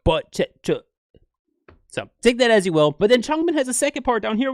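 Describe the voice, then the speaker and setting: A man hosting a casual music breakdown, excitably scatting rhythms aloud as he explains them. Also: very high-pitched, brisk, no echo, studio quality. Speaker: music reaction host.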